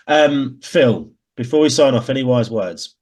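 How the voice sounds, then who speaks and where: A husky, mid-range male voice with an English Midlands accent. He co-hosts a casual podcast, bantering and laughing often as they chat.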